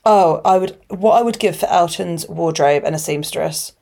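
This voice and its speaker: A woman, a comedian co-hosting a podcast, trading quick, teasing banter. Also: on the low side, vocal fry, mellow. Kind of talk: casual chat.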